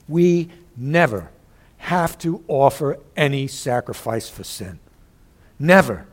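A man's voice: high voice, a little mellow. A man preaching a sermon as pastor, emphatic, often asking the congregation questions like "Amen?" and "what?".

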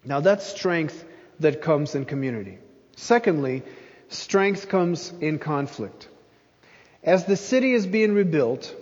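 A man's voice: on the high side, darkish tone, long reverb tail, lo-fi sound. A man preaching a sermon in an earnest voice, pressing hard on his key phrases. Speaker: pastor.

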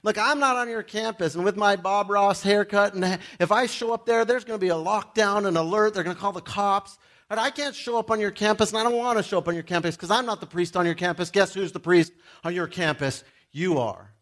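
A man's voice: sits high, a little fast, fairly bright tone. A middle-aged man preaching a sermon as a pastor, speaking directly and emphatically to his listeners, with joking asides.

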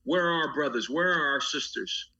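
A man's voice: on the high side, normal speed, bright, forceful tone, lo-fi sound. A man, a pastor speaking as an interview guest, talking with a preacher's rhythmic cadence, repeating phrases and building long lists. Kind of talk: impassioned interview talk.

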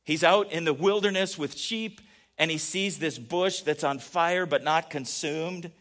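In a relaxed, conversational sermon, a male pastor with a slightly higher-than-usual voice speaks at a measured pace. He's animated, often putting questions to his listeners and moving between quiet asides and emphatic peaks.

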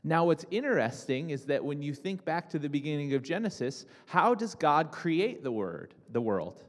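A man's voice: fairly high pitch, very animated, normal speed. Young man preaching in a reverberant hall. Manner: conversational, with restarts and asides to the congregation. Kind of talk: sermon.

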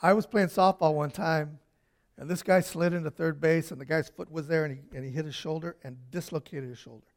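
Preaching from the pulpit, this man recounts stories from his own life, animating characters' voices and moving between hushed remarks and loud outbursts. His pitch runs somewhat high and he speaks a little quickly.

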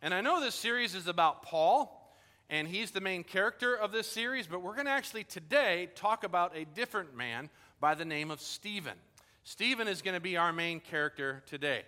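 A man preaching a sermon in a casual, animated way, telling stories and acting out quoted dialogue. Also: sits high, moderate pace. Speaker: pastor. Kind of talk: sermon with storytelling. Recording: long hall reverb.

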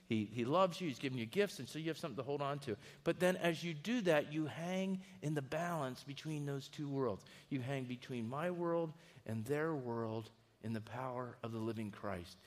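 A middle-aged man preaching a sermon as a pastor, telling stories in a lively, conversational way. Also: medium pitch. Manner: storytelling, animated and conversational. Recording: reverberant hall.

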